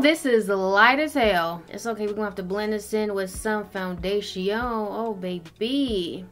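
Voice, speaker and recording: A woman in her twenties chatting bluntly while doing her makeup, with a lot of swearing and animated storytelling. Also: medium pitch, moderate pace, few pauses. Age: 20s. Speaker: beauty vlogger.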